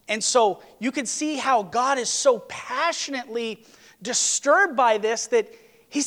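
A male pastor delivers a sermon with a passionate, emphatic drive. His voice sits high for a man. He swings from forceful outbursts to hushed, intimate asides. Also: animated, measured pace.

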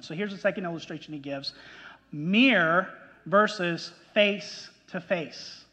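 High-voiced male pastor in a reverberant hall. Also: pushed and bright, lo-fi sound. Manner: emphatic, pausing to ask the congregation questions. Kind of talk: sermon.

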